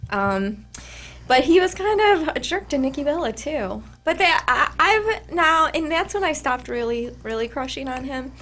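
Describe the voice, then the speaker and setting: A woman chatting casually on a podcast, talkative and quick to laugh. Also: high voice, very animated, a bit bright. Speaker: regular co-host.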